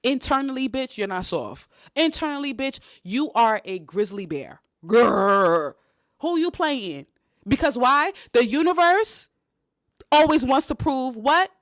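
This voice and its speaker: A woman's voice: high-pitched, a little slow, dry recording, studio quality. Blunt, profane young New woman. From New York. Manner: blunt, animated, profane, mimics others. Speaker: host. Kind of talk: casual livestream talk.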